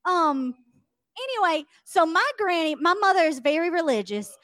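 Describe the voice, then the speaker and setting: A woman telling a funny story in a casual podcast chat, animated and laughing as she goes. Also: very high-pitched, moderate pace, dry recording. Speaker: podcast co-host.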